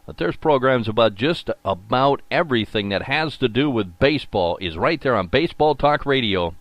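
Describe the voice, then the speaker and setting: A man's voice: mid-range voice, expressive, moderate pace, no room sound. An older man hosting a solo sports talk show, folksy and rambling with lots of fillers. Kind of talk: solo sports radio podcast monologue.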